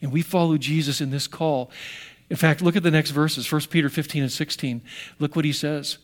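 A man's voice: on the high side, steady tone, fairly quick. An older American man preaching a sermon, telling stories animatedly with restarts and sound effects. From United States. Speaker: pastor.

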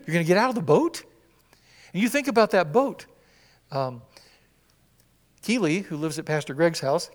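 A man preaching a sermon in a church, acting out scripture quotes with sudden swings from loud cries to hushed whispers. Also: high voice, in a large hall. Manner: animated, acts out quotes with swings from shouts to whispers. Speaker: pastor. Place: church sanctuary.

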